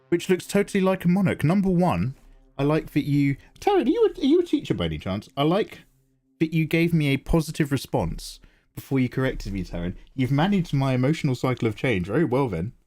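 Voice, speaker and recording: A man's voice: on the high side, huge pitch swings, fairly quick, darkish tone. A man chatting casually with viewers on a live art stream while drawing, playfully snarky and greeting people by name. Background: faint synth music.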